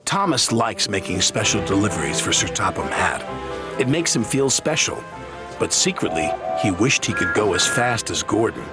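A man narrating a children's story in a lively, expressive reading, with loud music underneath. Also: fairly low pitch, moderate pace.

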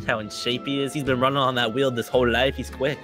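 A man's voice: medium pitch, flat delivery, fast talker. Chuckling male gamer over game music. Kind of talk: casual gameplay chat with a friend. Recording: loud game music behind.

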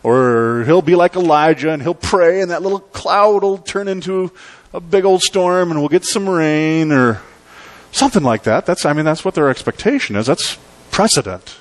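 A male pastor delivering a sermon in a chatty, emphatic way and leaning on dramatic pauses. His voice sits a little high and swings widely in pitch. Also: lively intonation.

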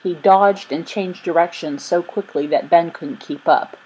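A husky woman narrates a children's story in an expressive, even reading. Her voice sits on the low side. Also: a little slow, rough recording.

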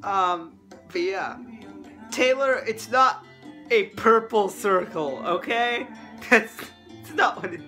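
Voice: medium pitch, slow, long pauses, sharp tone, soft background music. A vlogger talking in a casual, rambling way, often giggling at their own jokes. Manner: rambling, giggly, self-amused.

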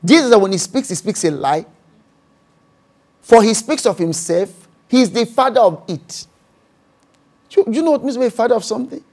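A man's voice: very high voice, lively intonation, normal speed, long pauses, a little mellow. A man with a Nigerian accent, a pastor preaching a sermon and acting out voices and speaking in tongues.

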